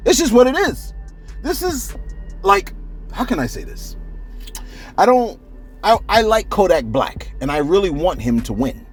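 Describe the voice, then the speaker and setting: A man, animatedly chatting through celebrity news and reading out viewer shout-outs. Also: sits high, a little slow, pauses often, faint music behind. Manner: animated, rhetorical, keeps saying "you know what I'm saying". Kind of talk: casual vlog commentary and viewer shout-outs.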